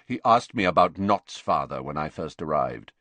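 A man plays an aloof teenage boy from a storybook, low and level, flat with disdain. He speaks in cool, clipped phrases. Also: moderate pace, no room sound, full character voice. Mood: cold. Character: cold, haughty teenage wizard boy.

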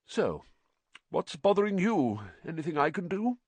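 A man's voice: mid-range voice, unhurried, no room sound, voice pushed up, lightly acted. A man voicing a theatrical, old-fashioned aristocratic male ghost in an audiobook, with plummy and indignant outbursts. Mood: calm. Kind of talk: audiobook character voice.

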